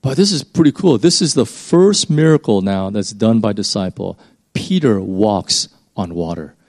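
A man's voice: on the low side, animated, normal speed, darkish tone. A man preaching a sermon in an informal, conversational way, rambling a bit and pushing his voice up for emphasis.

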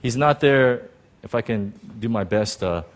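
A man preaching a sermon in an animated, rambling way, with self-deprecating asides, speaking to a church congregation. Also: medium pitch, unhurried. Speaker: pastor.

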